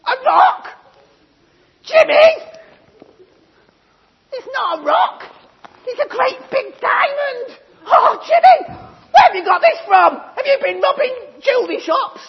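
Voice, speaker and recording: A man voicing a flustered mum who scolds her son in a shouting falsetto. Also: sing-song, slow, gravelly, long pauses, heavily acted. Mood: scolding. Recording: dull lo-fi sound.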